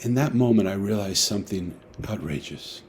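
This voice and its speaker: A man, an author, telling a personal story in a lively way and acting out the dialogue, over a video call. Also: fairly low pitch, normal speed, slight background noise. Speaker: author guest. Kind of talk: storytelling talk.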